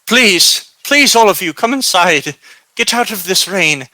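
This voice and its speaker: A man voicing a kindly, frail old grandmother, speaking in a shaky, high, breathless voice. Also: expressive, a little slow, sharp tone, no room sound. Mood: warm pleading.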